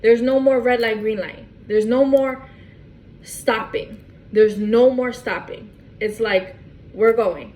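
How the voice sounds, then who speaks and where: A woman's voice: on the high side, slow pace, a little mellow, rough recording. Emphatic woman giving a tarot reading. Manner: emphatic, repetitive, restarts phrases. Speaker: tarot reader. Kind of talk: casual channeled reading.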